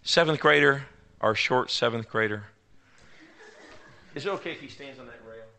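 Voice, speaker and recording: A man preaching a sermon to teenagers in a church, swinging between loud declarations and hushed, drawn-out words, and calling out to his audience. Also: medium pitch, creaky, low-quality recording. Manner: commands and banters with the audience. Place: church sanctuary before a congregation.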